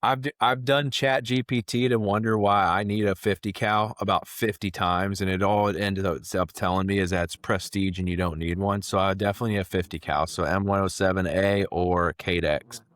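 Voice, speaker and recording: A man's voice: sits low, fairly quick, few pauses, no echo, clean studio sound. A man, a company president telling stories in a casual podcast interview and acting out both sides of conversations. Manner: animated storyteller, acts out both sides of conversations.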